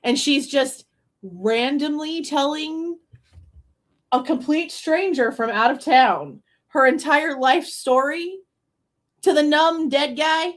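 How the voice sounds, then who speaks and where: A woman's voice: high-pitched, slow. A woman streaming true-crime reaction commentary, incredulous and laughing, cursing freely.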